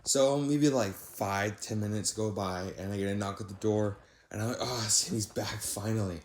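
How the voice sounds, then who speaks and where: A young man with a fairly low voice relays a story in a casual storytime manner. He gets animated, jumping up in pitch when quoting his own disbelief. The recording has a noticeable room echo. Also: moderate pace. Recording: echoey room.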